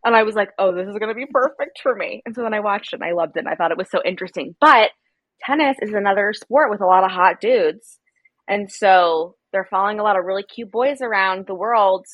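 A woman's voice: mid-range voice, fairly quick, no echo. Young American woman guest, chatty storyteller; dry, slightly dull recording. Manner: chatty storyteller, acts out quotes in animated voices. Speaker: podcast guest. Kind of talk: casual chat.

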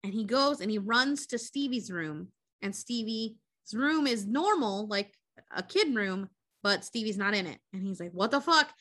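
A woman's voice: medium pitch, unhurried. A young woman podcast co-host retelling a movie plot in casual, profane chat. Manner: profane, animated storytelling.

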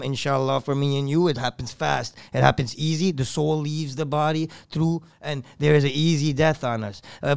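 A man, a podcast guest, telling a story in casual, blunt and profane talk that swings between loud and hushed. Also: on the high side, creaky, smooth.

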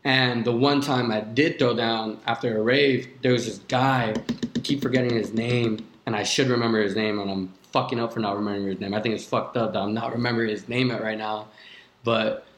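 A young man guesting as a DJ on a podcast tells his story loosely and casually, swearing a lot and padding with "like." His mid-range voice runs a little fast with fairly even intonation, and the room is echoey.

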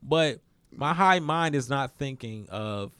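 A man's voice: slow, clear, resonant tone. Young man telling a wild story. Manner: animated storytelling, acts out quotes with sudden high-pitched squeals. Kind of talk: casual chat.

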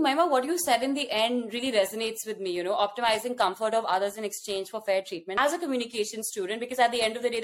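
A woman with an Indian accent, co-hosting a podcast and telling a personal story in animated casual chat. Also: on the high side. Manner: animated storytelling with frequent fillers and restarts. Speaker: podcast co-host.

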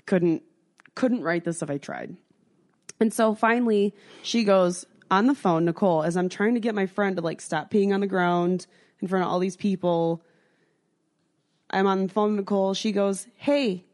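A woman co-hosting a podcast, telling a wild night-out story in a casual, animated way, swearing freely and acting out the voices of the people in it. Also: mid-range voice. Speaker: podcast co-host.

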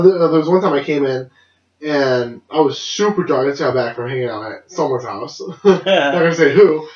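A young man casually telling a long personal story on a podcast, rambling, laughing often and swearing freely. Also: fairly high pitch. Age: young adult. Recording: dull lo-fi roomy recording.

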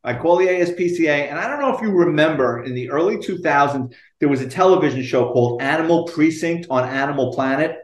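A retired police detective, telling animated, profane stories in a podcast interview and acting out the quotes. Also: male voice, on the high side, fast, few pauses, reverberant. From New York.

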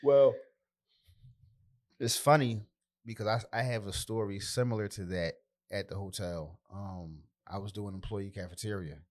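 Male podcast co-host, lowish voice, relaxed and easygoing. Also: moderate pace. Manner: laid-back, easygoing, chimes in with short replies. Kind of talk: casual chat.

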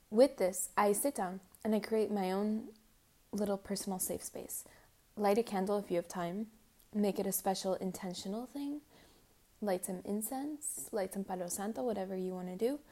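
A woman's voice: medium pitch, warm tone. A young woman, a student, giving casual advice in a chatty, rambling way full of "like", sometimes dropping into a whisper. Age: young adult. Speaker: student vlogger. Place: abroad, six hours ahead of home.

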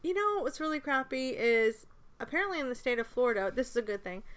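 A woman's voice: high-pitched, lively intonation, fast, a bit bright. A middle-aged woman in casual podcast chat, talkative and laughing often. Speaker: podcast co-host.

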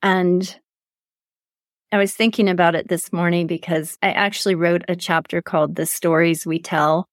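A woman host with a lowish voice and a gravelly rasp, chatting casually and eagerly agreeing with her guest. The recording sounds dry and close. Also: dry recording. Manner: affirming, eager to relate her own experience. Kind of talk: casual conversational chat.

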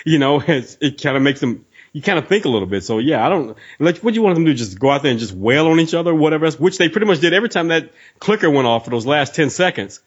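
A man's voice: on the high side, expressive, fast talker, hardly any pauses, slightly rough, dull audio. A man co-hosting a podcast in casual chat, laid-back, laughing often and leaning on fillers. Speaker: podcast co-host.

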